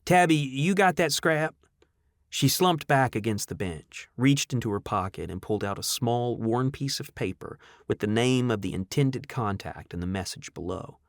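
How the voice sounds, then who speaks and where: A man narrating an audiobook in a dramatic, expressive storytelling manner. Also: lowish voice, normal speed, few pauses, no echo, clean studio sound.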